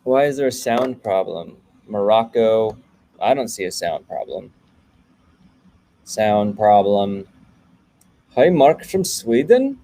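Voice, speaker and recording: A man's voice: medium pitch, sing-song, measured pace, warm tone. A man in his thirties hosting a casual livestream, greeting viewers by name and answering programming questions in a loose, chatty way. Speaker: livestream host, coding coach.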